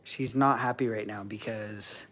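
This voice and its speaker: A man hosting a casual stream, chatting with viewers and talking to his pet birds in soft, doting baby talk. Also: on the low side, fairly even intonation, a little slow. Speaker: livestream host with pet birds. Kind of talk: casual chat with pets and viewers.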